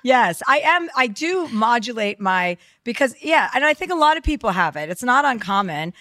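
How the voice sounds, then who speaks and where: Bright woman host giving advice. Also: fairly high pitch, big pitch swings, moderate pace, no room sound, studio quality. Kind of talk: casual podcast chat.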